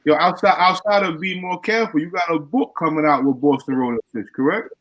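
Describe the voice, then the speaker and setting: A man hosting a podcast, interviewing a guest casually and backing him up with quick affirmations. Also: on the high side, fairly bright tone, low-quality recording. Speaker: podcast host.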